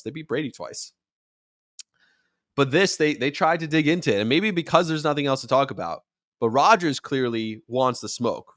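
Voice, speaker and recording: A man hosting a show, talking sports in a casual, animated way and rising to near-shouts when he acts out quotes. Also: medium pitch, no echo, clean studio sound. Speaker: podcast host and sports radio commentator.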